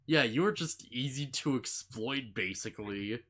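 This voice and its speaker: A man chats casually on a podcast, retelling cartoon episodes in a loose, rambling way. His voice is bright and forward, at a middle pitch, and he keeps dropping in fillers and little laughs. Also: normal speed. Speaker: podcast co-host. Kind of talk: casual anime recap chat.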